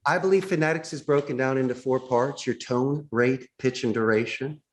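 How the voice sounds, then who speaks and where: A man, a call center boss, explaining sales phone tactics with enthusiasm and acting out calls in bright voices. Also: medium pitch, normal speed. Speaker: call center CEO, interview guest. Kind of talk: animated sales coaching talk. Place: in Costa Rica.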